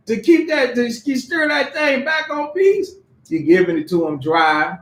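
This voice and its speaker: A man with a very high voice preaches in a loose, street-casual way, slipping into quick acted voices to make his point. His voice rings out across an echoey church hall. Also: very animated, a bit bright. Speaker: pastor. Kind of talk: sermon with acted examples.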